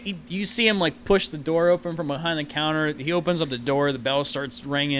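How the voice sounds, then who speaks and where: A man's voice: a little high, brisk, few pauses, a bit bright, a little hiss or hum. A man narrating as game master of a tabletop game, rambling with many fillers.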